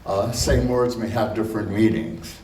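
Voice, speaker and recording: Male conference speaker, low warm tone, talks off the cuff, heard from afar in an echoing hall. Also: steady tone. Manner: conversational, many fillers, slows to stress points. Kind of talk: conference lecture. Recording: roomy hall, distant mic, faint noise.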